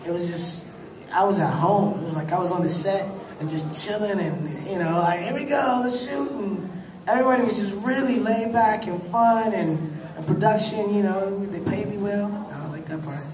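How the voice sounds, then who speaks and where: Man in his thirties, easygoing storyteller with a slightly high voice, heard from a distance in an echoey hall over crowd noise. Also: moderate pace. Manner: laid-back, laughing often, animated when acting out quotes. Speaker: actor telling stories at a fan convention panel. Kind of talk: casual storytelling. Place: convention hall with an audience.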